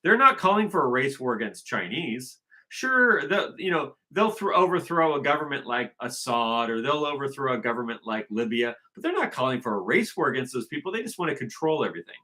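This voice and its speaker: A man's voice: mid-range voice, sing-song, fairly quick, sharp tone. A man talking in a casual unscripted monologue, rambling and emphatic, often circling back to restate his point. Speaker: vlogger.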